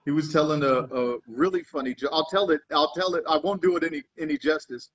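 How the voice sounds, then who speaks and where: A man co-hosting a casual live-stream chat, an animated storyteller who often restarts his sentences. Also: fairly high pitch, fast, highs cut off. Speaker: co-host.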